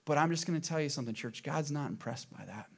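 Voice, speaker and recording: A man preaching a sermon as pastor in a church, swinging between loud emphatic bursts and soft low asides, asking the congregation questions. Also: lively intonation, quick pace, vocal fry, husky. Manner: asks the congregation rhetorical questions.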